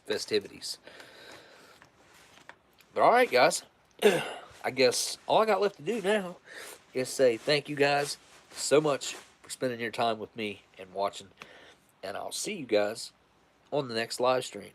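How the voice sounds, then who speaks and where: A man hosting a casual livestream, chatting in a rambling, relaxed way and repeating words as he thanks his viewers. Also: mid-range voice, unhurried, long pauses. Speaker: livestream host. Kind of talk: casual livestream sign-off chat.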